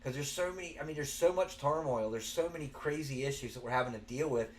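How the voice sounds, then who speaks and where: A man's voice: medium pitch, fast. A man with a Southern American accent hosting a show, giving earnest, rambling commentary with frequent restarts. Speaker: show host. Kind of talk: casual spoken commentary.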